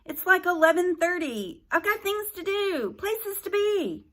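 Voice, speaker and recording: A woman's voice: extremely high pitch, sing-song, measured pace, fairly bright tone, pitched above the performer's own voice, full character voice. A woman voicing a bored, whiny teenage boy who drags out his words in a slacker drawl.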